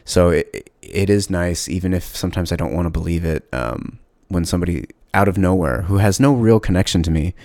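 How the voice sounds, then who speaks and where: A man hosting his own solo podcast, talking candidly and reflectively, pausing and restarting often. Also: low voice, darkish tone, dry recording. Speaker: podcast host. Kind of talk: casual solo podcast monologue.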